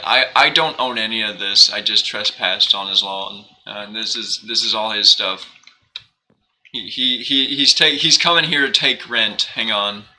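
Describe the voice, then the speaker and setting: In a low-quality recording, a young man with a lowish voice chats casually during a live game stream. He's animated, rambles, questions himself, and laughs a lot.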